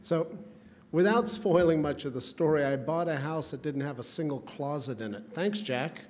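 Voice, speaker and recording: Teasing the guest of honor at a charity roast, a man tells rambling, folksy comic stories at a moderate pace. His voice is a little high and a little mellow, heard with long hall reverb and faint room noise.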